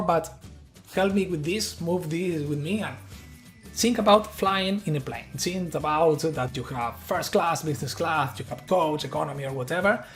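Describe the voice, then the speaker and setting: A man from Argentina, a native Spanish speaker with an Argentine accent, giving an earnest, persuasive tech conference talk built around an analogy. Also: fairly high pitch.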